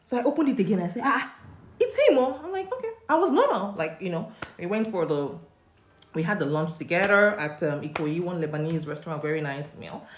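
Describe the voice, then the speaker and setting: A Nigerian woman hosting a casual live chat and telling a personal story with animated swings in pitch. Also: brisk, echoey room, slight background noise. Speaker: host.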